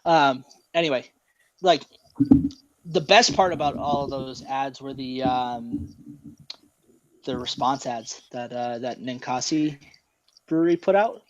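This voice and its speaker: A man's voice: mid-range voice, slow pace, pauses often, crowd noise. A man co-hosting a beer podcast, chatting loosely and cursing, with a laugh now and then. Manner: loose, profane, laughing chat. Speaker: podcast co-host. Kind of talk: casual chat. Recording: dull, dry lo-fi mic.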